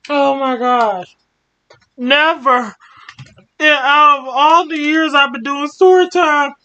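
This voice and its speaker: A young adult woman hosting a story time, reading a fan story aloud and breaking off with expressive commentary. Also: high voice, muffled recording.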